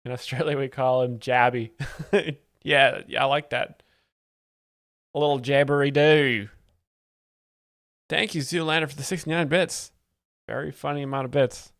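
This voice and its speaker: A man's voice: medium pitch, steady tone, fairly quick, creaky, a bit bright, no echo, clean studio sound. A young man hosting a comedy live stream, explaining jokes in an ironic, fake-earnest, rambling way. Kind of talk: mock-expert comedy commentary.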